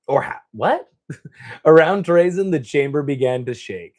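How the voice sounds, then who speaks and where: A man's voice: on the high side, expressive, a little slow, darkish tone. A man hosting a gaming channel, casually reading a novel aloud, stumbling over words and breaking off with joking asides.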